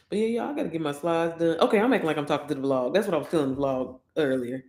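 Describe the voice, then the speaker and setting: A woman, chatting excitably on a casual livestream and talking straight to her viewers. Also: deep voice, rapid-fire. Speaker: online course promoter. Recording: echoey room.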